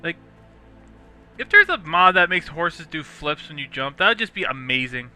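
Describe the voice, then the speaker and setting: A young man casually rambling through gameplay commentary, chatty and quick to laugh. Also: a little high, expressive, pushed and bright, soft background music. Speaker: let's play host.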